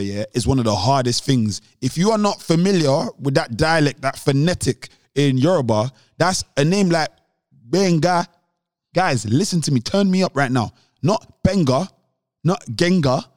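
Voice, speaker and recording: A man, his voice a little higher than most, argues his point on a podcast. He talks in an animated way, repeating words and laughing. The sound is close and dry. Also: no echo. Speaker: podcast co-host. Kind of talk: casual podcast debate.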